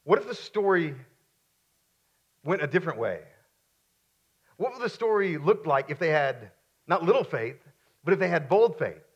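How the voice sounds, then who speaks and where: A male pastor preaching a sermon. He is emphatic, repeats key lines, and drops into quieter, casual asides while telling a story. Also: fairly high pitch, big pitch swings, normal speed, pauses often, slightly rough, muffled recording.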